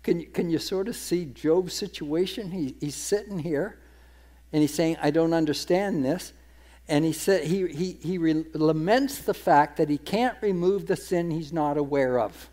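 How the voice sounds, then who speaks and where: A man with a slightly higher voice teaches from the Bible in a relaxed, conversational way. He retells scripture in plain everyday speech and often repeats words as he restarts a thought. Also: measured pace. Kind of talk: sermon-style Bible teaching.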